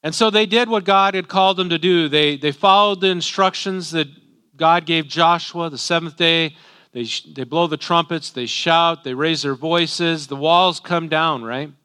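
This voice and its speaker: A man's voice: fairly high pitch, moderate pace, pushed and bright, clean tone. A man, a pastor, preaching a sermon in a conversational way, often tagging rhetorical questions.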